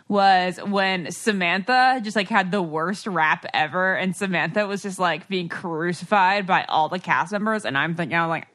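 A woman's voice: lowish voice, normal speed, hardly any pauses, sharp tone. A woman co-hosting a podcast, chatting casually and rambling, with frequent laughs. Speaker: podcast co-host. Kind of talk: casual chat.

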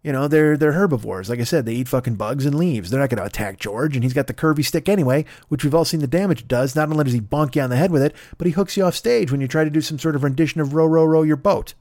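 A man's voice: fairly high pitch, fast talker, few pauses, a little mellow, no room sound. Male podcast host, rambling profane storyteller, dry close mic. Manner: rambling, profane, mock-grumbling retelling of a fable. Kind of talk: comic storytelling.

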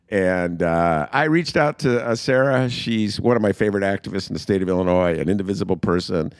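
A man's voice: sits low, normal speed, dry recording. A middle-aged man hosting a political podcast, riffing sarcastically and mocking the people he talks about. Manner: sarcastic, riffing, mocking quotes in funny voices. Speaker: podcast host. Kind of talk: casual political commentary.

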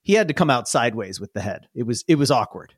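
A man's voice: mid-range voice, big pitch swings, fast, husky, no echo, clean studio sound. A man narrating a tabletop game as game master, rambling and amused. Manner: rambling, amused, with many restarts.

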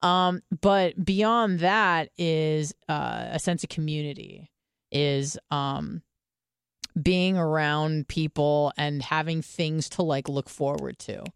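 A young woman from the States chats candidly on a podcast, dropping swear words and fillers as she goes. Her voice is smooth and clear, recorded close with no room sound. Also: sits low, slow, no room sound. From United States. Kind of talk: casual podcast chat.

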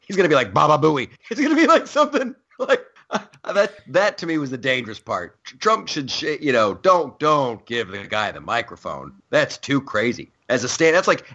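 Male comic host, punchy and sharp-edged, acts out other people's lines, casual rant energy. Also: mid-range voice, highs cut off. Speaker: podcast host and stand-up comic. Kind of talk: casual political chat.

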